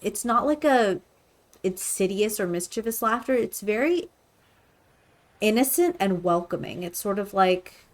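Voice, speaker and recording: Slow, hesitant woman game master. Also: medium pitch, lively intonation. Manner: hesitant, many ums. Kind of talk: narrating a tabletop game.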